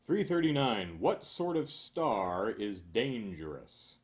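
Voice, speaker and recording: Slow deadpan male joke reader with a lively, swooping delivery and dry asides. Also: on the low side. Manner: deadpan, dry asides, chuckles at own jokes. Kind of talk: reading jokes aloud with asides.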